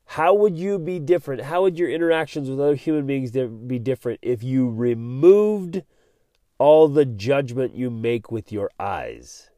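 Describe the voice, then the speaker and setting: A man's voice: medium pitch, expressive, normal speed, mellow, dry recording, clean studio sound. A man hosting a motivational podcast, speaking earnestly and animatedly, repeating words as he gets fired up. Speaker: podcast host.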